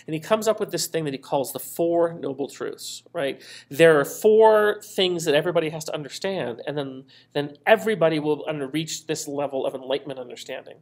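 A man's voice: on the high side, a little fast, few pauses. Male history lecturer, conversational storyteller, fills gaps with ums and "right?". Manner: chatty storytelling, frequent ums and "right?" asides. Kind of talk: casual recorded lecture.

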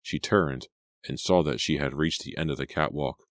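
A man with an extremely deep voice narrates a suspense audiobook in a measured, steady manner. The recording is dry and close, with no room sound. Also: no room sound. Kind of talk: dramatic audiobook reading.

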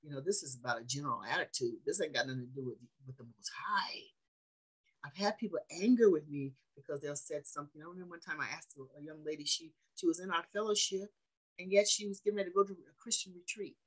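A woman's voice: deep voice, fast, slightly rough, poor audio. Fields: Sex: woman. Role: preacher. Style: sermon. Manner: emphatic, questioning. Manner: emphatic, repeats phrases, asks the congregation questions.

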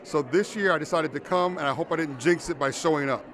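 A man's voice: on the high side, fast talker, a bit bright. A man who is a presenter and a nominee, talking in a modest, easygoing way. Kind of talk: casual interview.

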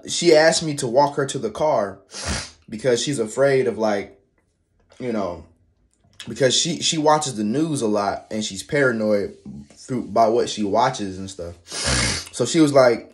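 A man telling a casual spoken anecdote, halting, full of restarts and slangy fillers. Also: mid-range voice. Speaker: storyteller.

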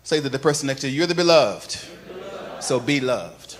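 A male pastor preaching a sermon, moving from quiet, conversational telling to loud, sing-song preaching and calling on the congregation to repeat after him. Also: medium pitch, lively intonation, moderate pace. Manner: calls on the congregation to repeat phrases.

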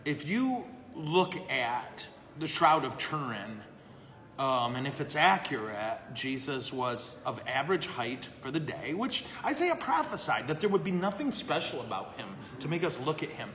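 A man's voice: medium pitch, very animated, a little slow, fairly bright tone. A man, a priest, chatting casually and answering questions live, self-deprecating and laughing often. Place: brewery. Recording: echoey room with long reverb.

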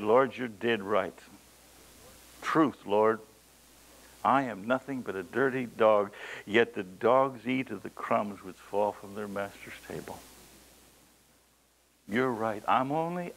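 Gravelly guy preaching, big dramatic swings, folksy little stories and chuckles. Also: medium pitch, poor audio. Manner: folksy storytelling asides. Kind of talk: sermon.

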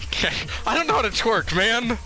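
A young man live-streaming, talking in excitable, crude, laughing casual banter into his webcam setup. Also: extremely high pitch, fairly quick, soft background music.

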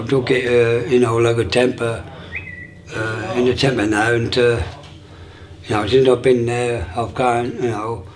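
Telling the story of his life, this sixty-something man speaks in a relaxed, stop-and-start way, often restarting and using fillers. He performs remembered conversations in a mid-range voice.

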